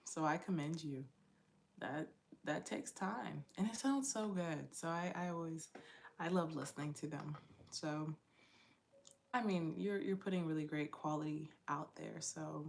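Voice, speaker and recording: A woman's voice: sits low, takes it slowly, vocal fry, a little mellow. A young adult woman, a content creator, chatting casually and encouragingly late at night, laughing often and trailing off mid-thought.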